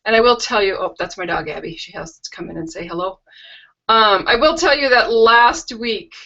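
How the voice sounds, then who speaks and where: Casually chatting through a live craft stream and product tour from her home, a middle-aged woman speaks in a bright, forceful, mid-range voice at a moderate pace, drifting into homey, rambling asides. She's picked up by a video call webcam, giving lo-fi audio with slight background noise.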